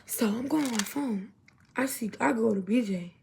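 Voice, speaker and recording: A young adult woman telling a storytime to her viewers in an animated, chatty way. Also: fairly high pitch, moderate pace, vocal fry, slight background noise. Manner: animated, chatty, heavy use of 'literally' and 'y'all'. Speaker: vlogger. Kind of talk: casual storytime.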